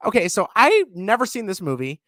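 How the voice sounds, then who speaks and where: A man in his thirties co-hosting a podcast in casual chat, animated and laughing easily, with a sick voice. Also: high voice, a little fast, dry recording, studio quality. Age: 30s. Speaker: podcast co-host.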